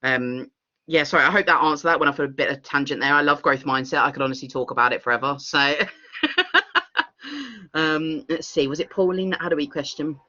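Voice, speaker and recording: A bright-voiced woman answers questions in an online workshop, talking with eager, rambling enthusiasm. The video call audio sounds muffled and dull. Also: deep voice, brisk. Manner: enthusiastic, rambling, laughs often. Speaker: workshop facilitator.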